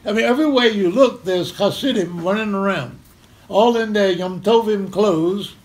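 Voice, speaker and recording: At a community center talk, an older man from Memphis, Tennessee tells a live audience a personal story, chuckling and acting out the scenes. His voice is high-pitched and he speaks at a normal speed, an animated storyteller throughout.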